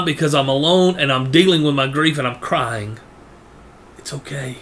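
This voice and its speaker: A man preaching a sermon, earnest, often repeating words and rising in pitch to press a point. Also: a bit bright.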